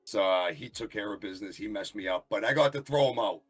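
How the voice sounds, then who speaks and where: A man's voice: lowish voice, moderate pace, slightly rough, faint music behind. A blunt, brash man in his forties with a Boston accent, chatting casually as a podcast guest. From Boston, USA. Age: 40s. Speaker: guest, wrestling referee. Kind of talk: casual chat.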